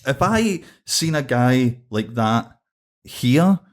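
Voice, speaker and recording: A man's voice: mid-range voice, expressive, slow. A man with a Scottish accent co-hosting a podcast, blunt and mocking in casual banter. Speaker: podcast co-host.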